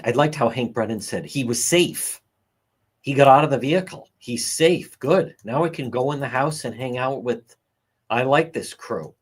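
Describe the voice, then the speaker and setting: A middle-aged man chats loosely on a livestream, reacting to viewer comments with wry, sarcastic asides. His pitch swings widely from line to line, so his talk sounds lively and expressive, at a medium pitch for a man. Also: husky. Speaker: livestream host. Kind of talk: casual livestream chat reading comments.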